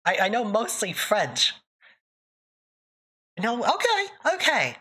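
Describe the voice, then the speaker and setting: Woman streamer from Canada, bright lively delivery, self-mocking, laughs a lot. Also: on the high side, slow pace, breathy edge. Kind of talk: casual live-stream chat.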